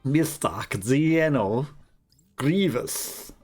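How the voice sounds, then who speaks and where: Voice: medium pitch, expressive, extremely slow, darkish tone, soft background music. A let's play host giving casual gameplay commentary, chatty and jokey, laughing often and calling out to teammates.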